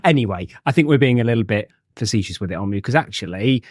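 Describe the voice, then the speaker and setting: A man's voice: on the low side, animated. A man hosting a business podcast, chatting in a playful, jokey way with his co-host. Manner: playful, jokey, quick banter. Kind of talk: casual business podcast chat.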